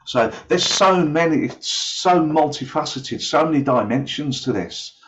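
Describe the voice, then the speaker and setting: A man's voice: fairly high pitch, expressive, unhurried, noisy background. A man on an online panel who talks about aviation radio research in loose, rambling sentences.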